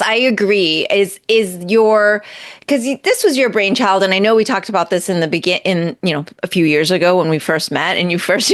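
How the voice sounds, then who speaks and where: A woman hosting a podcast interview, laughing often and asking long, rambling questions in a casual way. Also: medium pitch. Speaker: podcast host.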